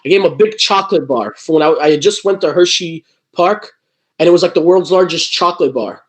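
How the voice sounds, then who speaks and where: A man's voice: high voice, quick pace, rough recording. A man telling stories as a guest in a casual interview, rambling with many restarts and fillers. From New Jersey. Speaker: guest, wrestling promotion owner.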